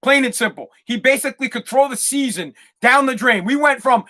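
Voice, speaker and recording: Fired-up bright-voiced podcast man. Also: very high-pitched, fairly quick, hardly any pauses. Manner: fired-up, swearing, repeats himself. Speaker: podcast host. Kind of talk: solo sports rant podcast.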